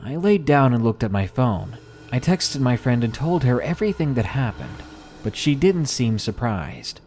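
A man reading a submitted first-person horror story aloud in a measured, steady narration. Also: medium pitch, faint music behind.

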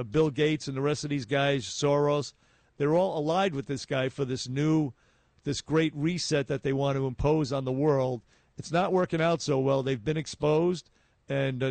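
Gravelly talk-radio man, dry studio. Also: on the high side, darkish tone, no echo. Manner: emphatic, often restarts with fillers. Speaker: radio host.

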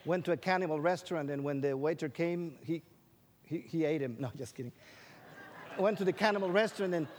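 High-voiced male preacher in echoing hall. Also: a little fast, slight background noise. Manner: stretches out scripture phrases for emphasis; asks the audience questions and tells jokes. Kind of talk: sermon. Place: large hall with an audience. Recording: long reverb of a large hall.

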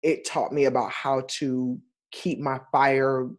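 A man, a Broadway performer, chatting casually with an animated, emphatic way of telling stories. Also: mid-range voice, slow. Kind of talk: casual chat.

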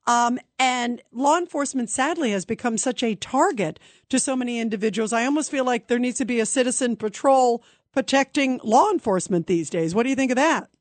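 A woman's voice: on the high side, a little fast, no room sound. A woman hosting a call-in radio talk show, chatting with callers and asking their views. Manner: conversational, asks callers questions.

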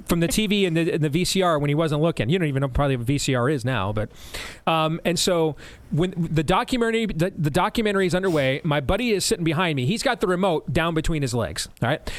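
A middle-aged man hosting a radio show, telling a long story in a rambling, animated way with many restarts. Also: fairly high pitch, quick pace, few pauses, no room sound. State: deaf in one ear. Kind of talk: casual storytelling.

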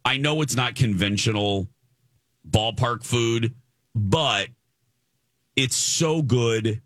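A man's voice: medium pitch, slow, fairly bright tone, no room sound, studio quality. A man from the Chicago area co-hosting a radio show, chatting with enthusiasm and often restarting his sentences. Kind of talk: casual chat.

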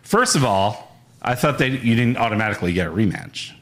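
A man's voice: fairly low pitch, expressive, brisk, a bit bright. A man co-hosting a casual podcast, joking with dry, profane asides. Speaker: podcast co-host. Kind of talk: casual chat.

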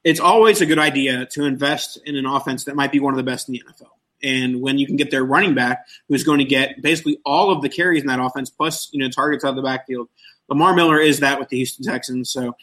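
A man hosting a podcast, explaining his views in a steady, casual way. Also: medium pitch, quick pace. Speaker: podcast host. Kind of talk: casual fantasy football discussion.

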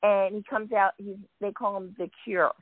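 A woman's voice: medium pitch, level tone, normal speed, no echo. Chatty woman on a tinny phone line. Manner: chatty, quotes people in her stories, frequent throat clearing. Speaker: guest wrestling fan. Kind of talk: casual storytelling chat.

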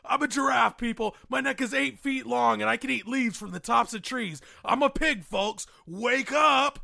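A man's voice: very high voice, normal speed, no echo, full character voice. A man playing a paranoid middle-aged conspiracy radio host in a comedy parody, ranting and hectoring his listeners. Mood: frantic ranting. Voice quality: gravelly, bellowing. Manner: frantic hectoring rant, keeps yelling "folks" and "wake up".

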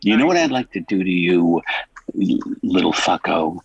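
A man's voice: low-pitched, big pitch swings, normal speed, no room sound, muffled recording. A man doing a crude, menacing mock-mobster insult routine on prank calls. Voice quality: gravelly, husky. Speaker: comedian prank-calling strangers. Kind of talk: comic insult tirade.

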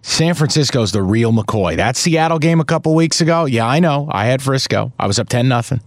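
A man co-hosting a sports betting chat, ranting with theatrical mock outrage and cursing, his voice jumping high when riled. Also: lively intonation, a little fast, no room sound, clean studio sound. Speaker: sports betting podcast co-host.

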